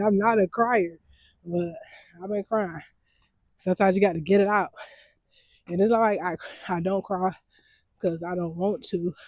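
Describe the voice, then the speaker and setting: A woman's voice: medium pitch, darkish tone, dry recording. A young woman vlogging while she walks, chatting easygoing with her viewers, laughing often and calling them y'all. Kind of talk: casual vlog chat to viewers. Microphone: wearing mics while walking.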